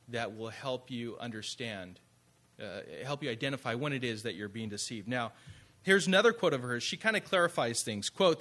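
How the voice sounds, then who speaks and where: A man's voice: medium pitch, bright, forceful tone. A man preaching a sermon in a conversational way, often asking rhetorical questions. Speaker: pastor.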